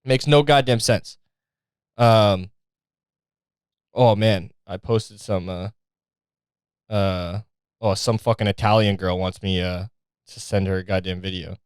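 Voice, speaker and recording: A man's voice: low-pitched, takes it slowly, long pauses, clear, resonant tone, dry recording. A man hosting a comedy podcast, rambling loosely and swearing often. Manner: rambling and profane, lots of fillers. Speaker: podcast host.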